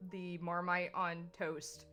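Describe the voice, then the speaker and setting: A woman's voice: fairly low pitch, little pitch movement, takes it slowly, sharp tone. A woman streaming a visual novel, chatting casually with hesitant fillers and restarts. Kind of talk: casual gaming chat. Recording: faint background music.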